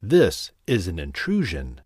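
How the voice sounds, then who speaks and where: A man's voice: low voice, huge pitch swings, a little slow, darkish tone, slightly rough, dry recording, clean studio sound, heavily acted. A man voicing a fussy, tidy little female house mouse in a storybook reading, prim and scolding. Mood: stern.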